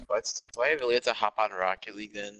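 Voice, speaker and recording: A man's voice: fairly low pitch, quick pace, bright, forceful tone, no room sound. A young man chatting casually with a friend during a game stream, grumbling and gossiping. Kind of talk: casual chat.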